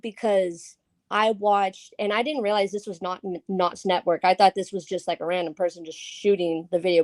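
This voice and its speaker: A woman's voice: mid-range voice, a little mellow, dry recording. A woman guest scare actor chatting casually on a podcast, talking loosely with many fillers and giggles.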